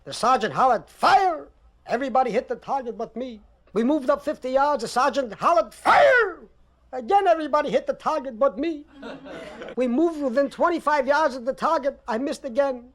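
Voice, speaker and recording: High-voiced man telling one-liners. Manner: rapid-fire one-liners. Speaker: stand-up comedian. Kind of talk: stand-up comedy monologue. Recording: crackly vinyl record with clicks.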